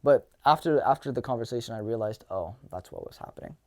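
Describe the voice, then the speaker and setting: A young man talking casually as a dating coach, animated and swearing, acting out lines from his own conversations. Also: mid-range voice, quick pace. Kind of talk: casual advice monologue.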